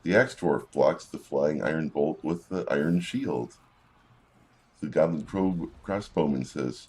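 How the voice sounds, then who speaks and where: Very deep husky-voiced man. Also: unhurried, a little mellow. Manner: reads in-game combat logs aloud with wry asides. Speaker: video game commentator. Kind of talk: casual gameplay commentary.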